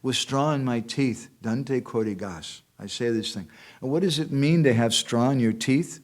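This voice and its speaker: A man's voice: mid-range voice, moderate pace. A man giving a devotional class, translating verses line by line and checking in with the audience with short questions. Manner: explains verses line by line, translating each one. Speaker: speaker at a temple class.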